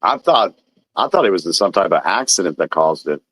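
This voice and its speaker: A man hosts a relaxed political stream, reading headlines and tossing in quick asides. His pitch moves a lot as he talks, and the dry close mic catches no room sound. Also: slightly rough, no echo. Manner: reads headlines, then adds offhand comments. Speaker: host. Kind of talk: casual political chat.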